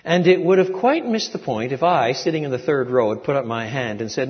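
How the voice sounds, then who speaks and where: Older man, sermon, animated storytelling, loud emphatic peaks, long hall reverb, dull muffled sound. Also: mid-range voice, a little fast, few pauses. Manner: animated storytelling with big swings in loudness. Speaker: preacher.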